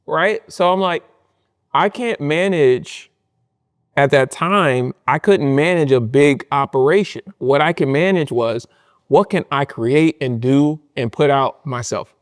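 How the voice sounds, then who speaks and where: A young man in a casual interview, telling animated stories full of slang and acting out what people said to him. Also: a little high, measured pace. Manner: animated storytelling, acts out quotes with slang. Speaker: guest, content creator.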